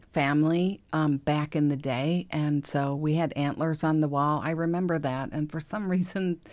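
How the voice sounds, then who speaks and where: A middle-aged woman hosting a podcast, speaking in a gentle, confiding way that often drops to a soft hush. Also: low-pitched. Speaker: podcast host. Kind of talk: reflective monologue.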